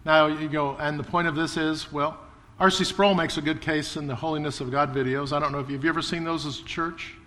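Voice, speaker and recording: A man's voice: a little high, steady tone, fast, pushed and bright, long reverb tail. A man preaching a sermon as pastor, earnest and building emphasis through repetition. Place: church sanctuary.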